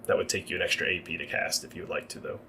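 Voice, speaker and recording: A man's voice: low voice, steady tone, racing, bright, forceful tone. A man narrating as game master for a livestreamed tabletop game, explaining the rules at length.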